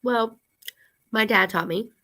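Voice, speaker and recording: A young woman co-hosting a casual livestream chat, hoarse and scratchy from an illness, telling self-deprecating stories. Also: fairly high pitch, takes it slowly, sharp tone. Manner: chatty storyteller, self-deprecating. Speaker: co-host.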